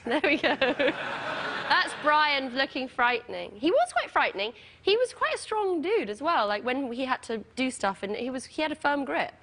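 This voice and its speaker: A woman's voice: sits high, sing-song, normal speed, a bit bright, a little hiss or hum. A woman with an English accent, a giggly, playful guest on a late-night talk show in a TV studio. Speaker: actress guest. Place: television studio with audience.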